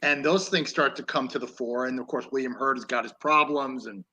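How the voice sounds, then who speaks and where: A man's voice: medium pitch, a little fast, sharp tone, husky, rough recording. A man co-hosting an online talk show, chatting loosely about an old film with many restarts. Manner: rambling, with many restarts and laughs. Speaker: co-host. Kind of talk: casual film discussion.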